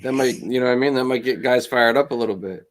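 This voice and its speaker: A man co-hosting a casual sports show, making his points in a relaxed way. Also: medium pitch, fast. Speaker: podcast co-host.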